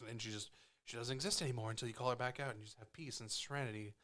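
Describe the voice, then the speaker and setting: Excitable young man, laughing co-host. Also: mid-range voice. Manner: excitable, laughs often, storytelling with quick asides. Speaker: podcast co-host. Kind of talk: casual gaming podcast chat.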